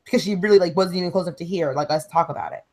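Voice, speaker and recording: A woman's voice: lowish voice, very fast, a little mellow, rough recording. A young woman co-hosting a casual chat show, telling a long story and saying "like" constantly. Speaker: co-host.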